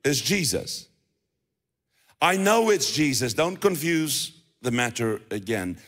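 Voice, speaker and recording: A man's voice: mid-range voice, very animated, takes it slowly, fairly bright tone. A man preaching a sermon as pastor, emphatic and driving points home with repetition. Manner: emphatic preaching with repeated phrases. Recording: long reverb of a large hall.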